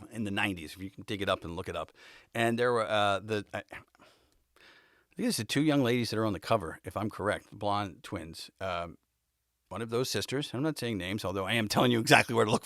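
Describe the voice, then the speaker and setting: A man hosting a podcast, telling stories from his past in a casual, animated way and acting out the people in them. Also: on the low side, no room sound, clean studio sound. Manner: animated storyteller acting out quoted voices, laughing; swears casually. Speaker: podcast host. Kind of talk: casual storytelling.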